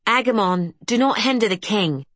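A woman's voice: mid-range voice, expressive, moderate pace, fairly bright tone, dry recording, voice pushed up. Woman doing a curt, stern female guard. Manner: severe, curt.

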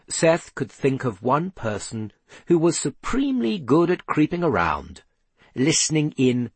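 Husky, lively male storyteller. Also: mid-range voice, dry recording. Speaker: audiobook narrator. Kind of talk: scripted narration.

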